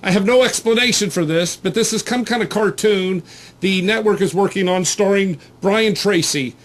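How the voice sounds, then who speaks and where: A man hosting a comedy show, with quick, chatty banter with the guests. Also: high voice. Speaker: host.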